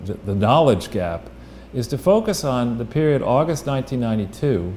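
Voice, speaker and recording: As a guest, a man offers casual political analysis, talking bluntly with restarts and the odd profanity. His mid-range voice swings widely in pitch at a moderate pace, with a darkish tone and slight background noise.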